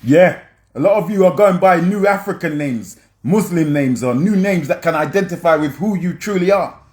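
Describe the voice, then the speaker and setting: A man's voice: high-pitched, lively intonation, moderate pace, a little mellow. A man commenting on film scenes for his audience, emphatic and preacher-like, often checking in with "yeah?".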